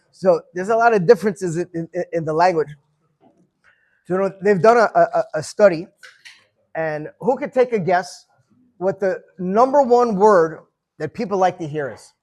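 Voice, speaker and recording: A man's voice: high voice, moderate pace, darkish tone. A man in his fifties leading an informal gathering, chatty and storytelling, often repeating words as he starts a sentence. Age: 50s. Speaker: farbrengen leader. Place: room with a gathered group.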